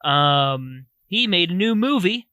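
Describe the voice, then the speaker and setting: A man's voice: high-pitched, very animated, slow pace, sharp tone, dry recording. A man co-hosting a podcast, reviewing a film in rambling casual chat with many restarts. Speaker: podcast co-host.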